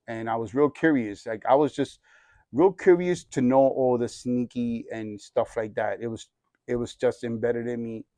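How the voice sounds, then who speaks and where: A man's voice: medium pitch, steady tone, moderate pace, dark tone, no echo. A man in his forties sharing his testimony in casual storytelling, using slang and acting out the other voices in his story. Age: 40s. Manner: streetwise slang.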